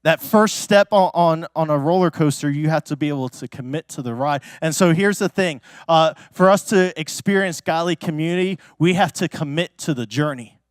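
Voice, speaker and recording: A high-pitched man preaching as a pastor, telling stories in a loose, chatty way with plenty of fillers. He breaks into sudden loud, excited exclamations. The recording is dry and close, with no room echo. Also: moderate pace, hardly any pauses, clear, resonant tone. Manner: casual and chatty, many fillers like "like" and "you know". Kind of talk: sermon with personal storytelling.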